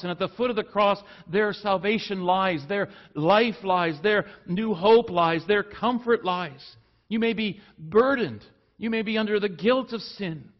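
Earnest male preacher, muffled recording. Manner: earnest preaching, rising for emphasis then dropping low and soft. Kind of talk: sermon.

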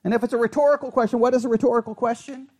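Animated high-voiced male Bible teacher. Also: racing. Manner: animated, asks the class questions, self-correcting.

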